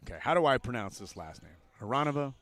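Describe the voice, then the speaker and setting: An older man doing live play-by-play for a college basketball game, jokey and excitable, with loud calls on big plays. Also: fairly low pitch, very fast. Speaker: play-by-play commentator. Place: courtside broadcast booth in a gym.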